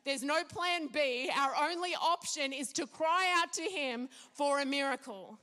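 A woman delivers a sermon in a high, bright voice. She speaks emphatically and leans on scripture. Her pauses are deliberate and measured. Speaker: preacher.

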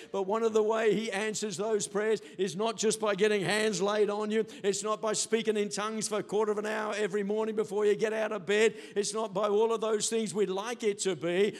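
An older man preaching a sermon as pastor, telling stories animatedly and acting out quotes. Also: high voice. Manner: animated storytelling with acted quotes.

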